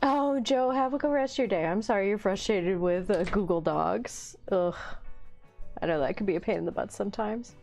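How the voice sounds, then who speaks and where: A woman's voice: mid-range voice, moderate pace, gravelly, darkish tone, faint music behind. A woman hosting a casual livestream from a home hobby room, bubbly, giggly and effusive as she chats with viewers. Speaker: livestream host.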